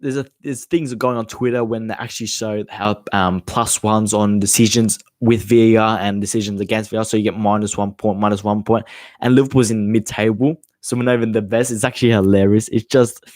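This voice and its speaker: A man's voice: lowish voice, steady tone, brisk, a little mellow, no echo. A nineteen-year-old Australian man hosting a casual podcast Q&A, rambling and swearing freely, calling listeners mate. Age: teens. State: hot and sweaty. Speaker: podcast host. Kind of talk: casual live Q&A chat.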